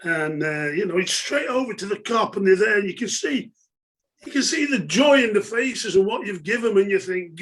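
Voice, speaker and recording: A man's voice: sits high, lively intonation, normal speed, a bit bright, slightly rough. A middle-aged man, telling stories from his football career in a chatty way, laughing and using lots of fillers. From England. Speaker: former footballer, guest. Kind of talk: casual storytelling interview.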